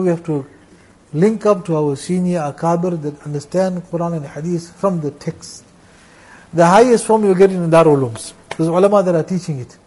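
A man's voice: high voice, mellow, husky, rough recording. A man preaching a sermon, lecturing emphatically and repeating phrases, peppered with Arabic and Urdu religious terms. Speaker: Islamic preacher.

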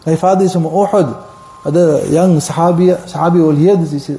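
A man preaching a sermon in impassioned storytelling style, mixing English with Arabic phrases and quick bursts of recitation. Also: on the high side, steady tone, dark tone.

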